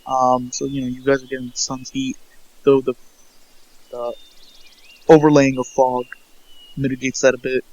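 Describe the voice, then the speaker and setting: A man narrating a tabletop game as game master, halting and restarting often. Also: mid-range voice, little pitch movement, darkish tone, lo-fi sound. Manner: halting, full of fillers and restarts.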